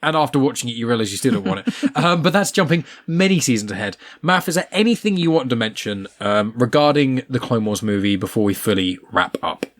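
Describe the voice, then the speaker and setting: A man hosting a casual podcast chat, opinionated and quick to swear. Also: medium pitch, animated. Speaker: podcast host.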